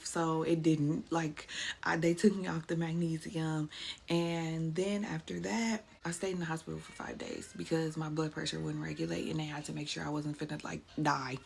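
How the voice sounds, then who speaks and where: A young woman vlogger telling a story in a casual, animated, blunt way with plenty of swearing. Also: sits low, normal speed, creaky, slight background noise.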